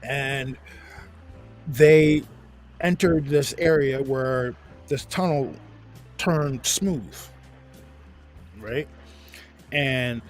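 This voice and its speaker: A man with a New York accent hosting a casual chat, telling a long story with restarts and cursing. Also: mid-range voice. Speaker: host.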